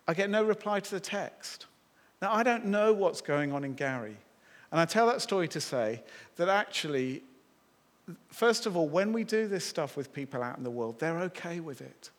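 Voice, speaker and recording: A male preacher telling a personal story in a sermon, animated and acting out his own thoughts. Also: on the high side, normal speed. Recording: long hall reverb.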